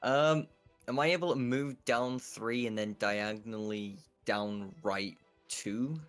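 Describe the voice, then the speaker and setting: A man's voice: fairly low pitch, steady tone, slow, a bit bright, clean tone, faint music behind. A man playing a tabletop game who keeps asking questions because he is unsure of the rules. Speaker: player.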